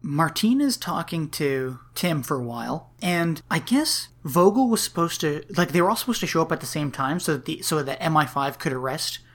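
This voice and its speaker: A man's voice: a little high, big pitch swings, moderate pace, few pauses. A man co-hosting a podcast, recapping a film's plot in casual chat, laughing often and hedging with lots of likes. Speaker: podcast co-host. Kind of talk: casual movie-review chat.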